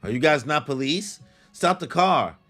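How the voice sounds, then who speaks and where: A man's voice: fairly high pitch, lively intonation, moderate pace, a bit bright, soft background music, pitched above the performer's own voice. A man reading out the lines of a frightened young woman begging for help, in a plain pleading tone.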